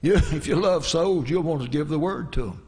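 A man's voice: fairly high pitch, normal speed, a little mellow. A male pastor preaching a sermon in a church, telling stories in a folksy way and dropping in frequent amens. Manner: folksy storytelling, peppered with "amen".

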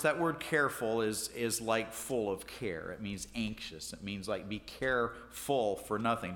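Folksy bright-voiced preacher. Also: male voice, mid-range voice, in a large hall. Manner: folksy, self-deprecating, repeats words as he restarts. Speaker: pastor. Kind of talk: sermon.

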